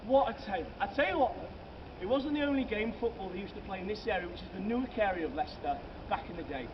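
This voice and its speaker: A man's voice: high-pitched, lively intonation, fast talker, distant mic. A man, leading a comic ghost walk outdoors at night and telling tales to his group with theatrical flair. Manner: theatrical, jokey, addresses the crowd as sir and madam. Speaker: ghost walk tour guide. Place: outdoors on city streets at night. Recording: lo-fi with loud street noise.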